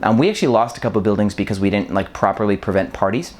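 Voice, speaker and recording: Fast and animated, with a darkish, fairly low voice, this short-term rental host in his thirties chats loosely to camera in an apartment full of boxes, dropping ums throughout. He's from Wisconsin, and a faint trace of it colors his otherwise neutral American accent. A bit of hiss or hum is audible.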